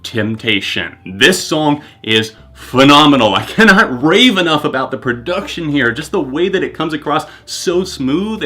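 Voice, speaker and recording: An enthusiastic man hosts his own album review video, speaking conversationally and with real excitement. His voice sits fairly low but has a bright, forward edge. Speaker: album reviewer, channel host.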